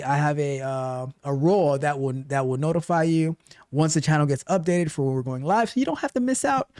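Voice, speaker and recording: A man's voice: on the high side, darkish tone, no echo, studio quality. A man coaching on tech, streaming live and reading his chat aloud with a playful, teasing manner.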